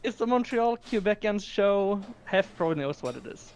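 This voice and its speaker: A man's voice: sits high, lively intonation, moderate pace, a little mellow, clean tone. Hesitant young-sounding man on a panel. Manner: hesitant, laughing asides. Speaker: stream panelist. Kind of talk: casual live chat.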